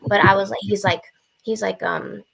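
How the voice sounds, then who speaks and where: A young adult woman telling frank, profane stories in casual podcast chat, blunt and animated. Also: medium pitch, normal speed, gravelly, husky. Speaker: podcast guest.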